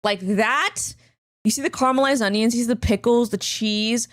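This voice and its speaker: A young woman hosting a casual stream watchparty, excitable and swearing freely as she reacts. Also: a little high, moderate pace. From Canada.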